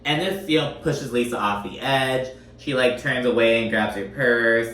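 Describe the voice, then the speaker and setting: A man's voice: mid-range voice, moderate pace, fairly bright tone, roomy sound, far from the mic. A man giving a casual recap commentary, swearing often in a sassy, exasperated rant. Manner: profane, sassy, exasperated ranting.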